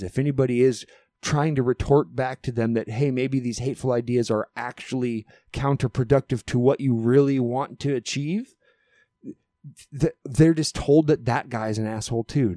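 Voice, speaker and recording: A man's voice: mid-range voice, normal speed, mellow, no room sound, clean studio sound. A man co-hosting a podcast in casual chat, rambling and profane, often repeating words as he builds a point. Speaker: podcast co-host.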